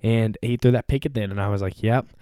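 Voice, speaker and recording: A young man hosting a casual sports talk show, energetic and rambling, with many fillers and restarts. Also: fairly low pitch, quick pace, clear, resonant tone, no room sound, studio quality. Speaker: podcast host.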